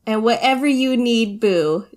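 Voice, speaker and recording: A woman's voice: on the high side, a little slow, a little mellow. A woman co-hosting a casual chat, laughing often and cheering on her friend. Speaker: podcast co-host.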